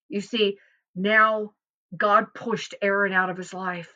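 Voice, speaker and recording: A middle-aged woman gives an earnest devotional Bible teaching in a bright, clear voice. She talks fervently, and her voice climbs with feeling whenever she voices a prayer. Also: mid-range voice, level tone, slow, lo-fi sound. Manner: earnest, fervent, rising and swelling on quoted prayers.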